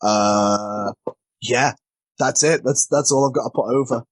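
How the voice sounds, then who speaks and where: In a mid-range, unhurried voice with no room sound, a man being interviewed as a wrestler tells meandering, self-deprecating tales. He trips over his words a lot as the casual storytelling goes on.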